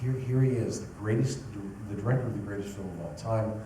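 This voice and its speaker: A male voice actor chatting casually in an animated, reminiscing manner, recorded from a distant mic with background noise. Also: fairly low pitch, fast. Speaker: voice actor guest. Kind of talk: casual storytelling. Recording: echoey room from a distant mic, noisy.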